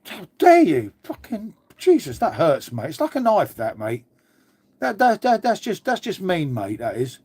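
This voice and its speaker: Chatty bloke live-streaming. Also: male voice, high voice, huge pitch swings, unhurried, a little mellow, breathy edge. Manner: chatty, swears, repeats "mate". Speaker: livestream host. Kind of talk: casual live chat with viewers.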